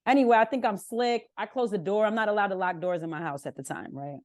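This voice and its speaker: A woman's voice: mid-range voice, quick pace, no room sound, clean studio sound. A young woman from Southern California, a podcast guest telling candid stories in casual interview talk and acting out her family's lines. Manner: candid, animated, acts out family members' lines.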